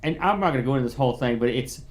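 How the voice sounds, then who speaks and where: A man's voice: mid-range voice, expressive, very fast. A man in casual podcast chat with a middle-range voice, rambling through long explanations. He circles back and restarts his sentences as he goes. He sounds easygoing. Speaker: podcast co-host.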